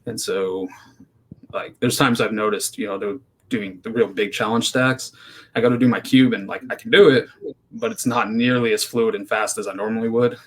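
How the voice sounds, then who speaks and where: A man's voice: lowish voice, fairly even intonation, normal speed, fairly bright tone. A man from the United States answering interview questions in a matter-of-fact, analytical way. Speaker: guest. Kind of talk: casual interview talk.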